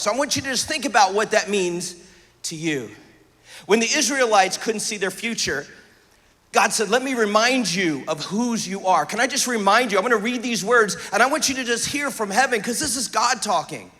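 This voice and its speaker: A man preaching a sermon, energetic and conversational, with joking asides. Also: high voice, moderate pace. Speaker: pastor. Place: church hall. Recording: live hall reverb.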